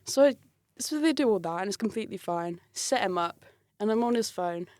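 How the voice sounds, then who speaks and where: A woman's voice: mid-range voice, a little fast, no room sound, studio quality. Chatty woman telling a story. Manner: animated, laughs often, acts out quoted voices. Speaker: guest telling a work story. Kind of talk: casual storytelling.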